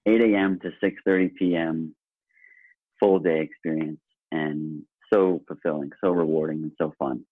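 Deep husky man on a tinny line. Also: fairly even intonation, moderate pace, no echo. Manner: earnest, enthusiastic, repeats words as he restarts. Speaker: guest, speaker and workshop presenter. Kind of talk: casual podcast conversation.

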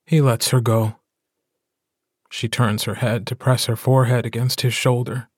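Husky guy reading an audiobook real slow, dry close sound. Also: mid-range voice, little pitch movement, no echo. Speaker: audiobook narrator. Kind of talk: scripted narration.

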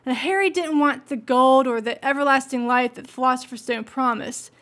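A woman's voice: sits high, fairly quick, fairly bright tone. A woman hosting a solo podcast, talking in an earnest, reflective, motivational way. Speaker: podcast host.

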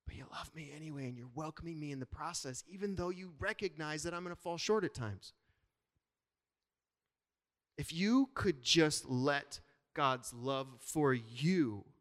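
A man preaching a sermon to his congregation as their pastor, in an animated, conversational way with playful asides. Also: mid-range voice, big-room sound.

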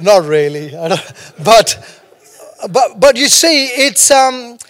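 A man's voice: sits high, sing-song, slow, a bit bright, in a large hall. A man preaching a sermon as pastor, talking conversationally and joking between stories. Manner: humorous, conversational preaching with storytelling asides.

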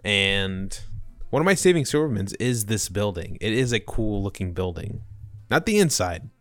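A man's voice: on the low side, big pitch swings, a bit bright, no room sound, soft background music. A young man co-hosting a podcast, recapping a movie in rambling, jokey casual chat. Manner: rambling, jokey, quick to mock accents. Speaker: podcast co-host.

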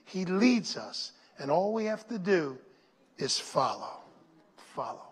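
Husky-voiced pastor preaching in a hall. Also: male voice, high-pitched, sing-song, slow pace. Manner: preaching with call-and-response, growing hushed and whispery toward prayer. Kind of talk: sermon. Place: church. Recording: long hall reverb.

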